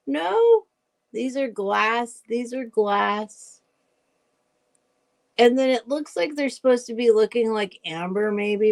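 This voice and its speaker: A woman hosting a casual live vintage sale, chatty and rambling, laughing often and thinking out loud. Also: mid-range voice, low-quality recording. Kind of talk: casual live selling chat.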